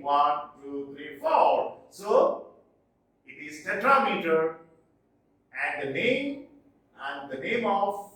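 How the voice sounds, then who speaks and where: A man teaching a lesson on poetic meter, speaking slowly and deliberately and chanting verse lines with heavy stress. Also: a little high, pushed and bright. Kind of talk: classroom lecture on poetic meter. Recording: echoey room from a distance.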